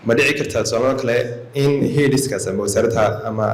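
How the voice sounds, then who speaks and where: A man's voice: mid-range voice, racing. A man speaking at a university event, explaining a point with examples. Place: university lecture hall. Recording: echoey hall.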